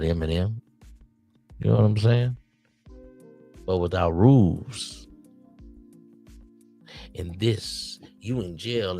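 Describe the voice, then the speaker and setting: Deep gravelly man hosting a late-night stream. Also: a little mellow. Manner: streetwise, preachy advice to "nephews". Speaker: podcast host. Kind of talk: casual late-night livestream monologue.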